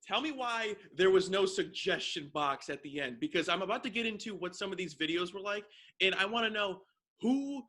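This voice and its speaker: A man's voice: high-pitched, brisk. A young man, a podcast co-host, chatting casually and acting out the people in a story he tells. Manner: animated storyteller, mimics people in skits.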